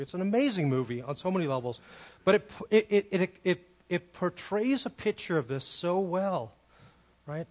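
Animated male pastor, conversational sermon. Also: fairly high pitch. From California. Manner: conversational, animated, asks the congregation questions.

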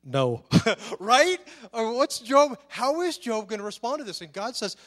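Man, preacher, high voice, animated sermon, rhetorical questions, long hall reverb. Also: measured pace, hardly any pauses. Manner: animated, rhetorical questions, repeats words when searching. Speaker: pastor.

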